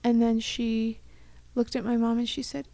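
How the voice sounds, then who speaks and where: A woman's voice: on the high side, completely flat delivery, moderate pace, creaky, dark tone, no room sound. A young woman co-hosting a podcast, chatting casually in a rambling way with many fillers and sounding tender and close to tears. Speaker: podcast co-host. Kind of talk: casual chat.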